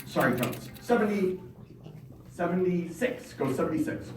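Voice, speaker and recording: A man leading a band rehearsal, brisk and encouraging, singing rhythms aloud between instructions. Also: high-pitched, lively intonation. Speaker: band conductor. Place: large rehearsal hall with a band. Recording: roomy, distant, noisy rehearsal recording.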